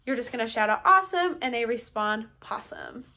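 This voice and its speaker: A young woman preschool teacher explaining classroom routines to other teachers, upbeat and clear, now and then acting out the call-and-response chants she uses. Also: fairly high pitch, little pitch movement, quick pace, a bit bright. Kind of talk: instructional talk to teachers.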